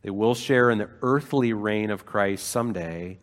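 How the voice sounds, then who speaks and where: A man's voice: fairly low pitch, normal speed, in a large hall. A man preaching a sermon, talking through scripture in a conversational way with fillers and rising to fervent emphasis. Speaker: pastor.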